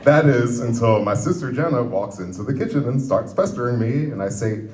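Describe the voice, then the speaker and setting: A man performing a pun-filled stand-up routine on a comedy club stage, telling a story and putting on quick voices for his family. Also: medium pitch, a little hiss or hum. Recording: roomy club recording from far off, loud crowd.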